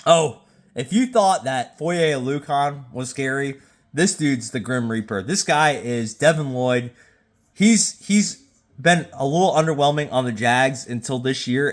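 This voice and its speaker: A man who has been drinking hosts a casual rating video from home, rambling and stammering with sudden excited bursts. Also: mid-range voice, moderate pace. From Jacksonville, Florida. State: tipsy from drinking. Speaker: YouTube host. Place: at home with a phone. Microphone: phone.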